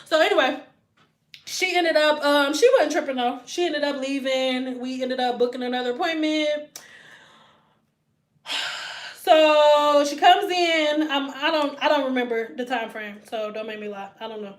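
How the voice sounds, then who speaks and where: A hairstylist from telling a storytime vlog, animated and slangy, often slipping into other people's voices. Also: female voice, high voice, normal speed, echoey room. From Detroit.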